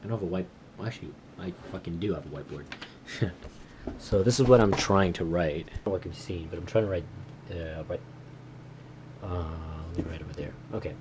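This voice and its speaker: A man recording a casual study vlog, slowly sounding out and repeating words he is learning, with small self-deprecating laughs. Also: low-pitched, noisy background. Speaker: language learner vlogger.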